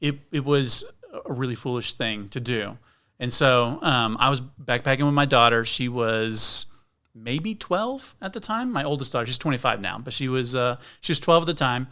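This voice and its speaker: Middle-aged man, podcast guest, bright voice, animated storytelling. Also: mid-range voice, normal speed. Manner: animated storyteller, acts out scenes. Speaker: guest, backpacking video creator. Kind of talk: casual storytelling.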